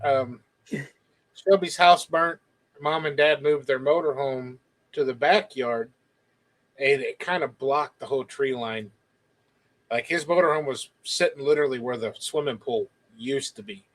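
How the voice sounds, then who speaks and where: A man's voice: medium pitch, a little slow, rough recording. A man telling a story in a casual chat, animatedly acting out what others said. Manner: animated, quoting others in lively bursts. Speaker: guest.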